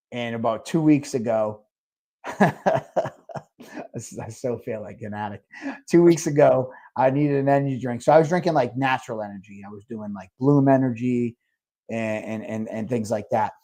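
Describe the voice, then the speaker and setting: On a casual podcast, a man who co-hosts the show and owns a restaurant tells a long, rambling story, swearing heavily and constantly saying "like." His voice is medium-pitched and dark-toned, at a normal speed.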